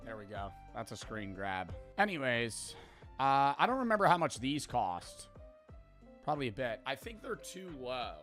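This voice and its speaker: A man's voice: mid-range voice, very animated, normal speed, fairly bright tone, faint music behind. A man streaming, reading jokes aloud from a book and chatting about them with small laughs.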